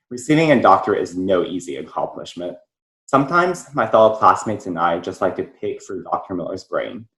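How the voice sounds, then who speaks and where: A teenage boy reads a prepared speech in a measured, formal way. His voice sits very low, and the sound is roomy and echoey. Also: fairly bright tone. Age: teens. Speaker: student.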